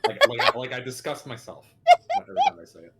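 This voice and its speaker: A man's voice: medium pitch, huge pitch swings, fast talker, heavy background noise. A man co-hosting a game let's play, giving helpful tips and joking about his own slips. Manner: helpful, self-deprecating, lots of fillers. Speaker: co-host guiding the player. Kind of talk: casual gameplay commentary.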